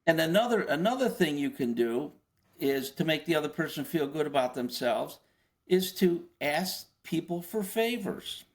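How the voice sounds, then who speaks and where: A fairly high-voiced older man talks through his points in a relaxed interview. He keeps asking his listener rhetorical questions and often trips into restarts before pressing on. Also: normal speed. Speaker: interview guest, former FBI agent. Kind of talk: conversational explanation.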